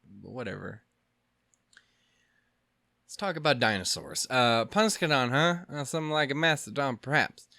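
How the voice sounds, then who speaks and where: A man's voice: medium pitch, expressive, moderate pace, vocal fry, long pauses, sharp tone, dry recording, clean studio sound. A man hosting a let's play, joking sarcastically, rambling and swearing while he reads the game's dialogue. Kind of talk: casual game commentary and reading dialogue aloud.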